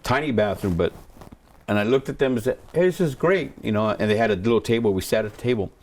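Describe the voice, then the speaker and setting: Pastor guy rambling thru a story, lowish voice, keeps repeating himself. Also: quick pace. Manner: rambling, repeats words, acts out quoted voices. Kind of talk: personal storytelling in an interview.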